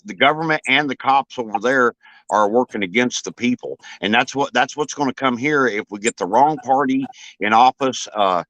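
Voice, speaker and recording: A man's voice: medium pitch, moderate pace, a bit bright, no echo, rough recording. A man giving his opinions on a live stream in a hesitant way, with lots of "uh" fillers. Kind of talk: casual chat.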